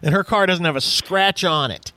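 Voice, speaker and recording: A man's voice: high voice, moderate pace, no room sound. A man hosting a radio talk show about cars, chatting casually and telling jokey stories. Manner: jokey, lively storytelling.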